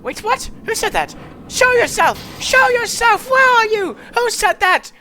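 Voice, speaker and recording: A woman's voice: very high voice, big pitch swings, unhurried, bright, forceful tone, slight background noise, exaggerated voice. A woman voicing a panicky male time traveller, with frantic, repetitive exclamations in amateur comedic acting.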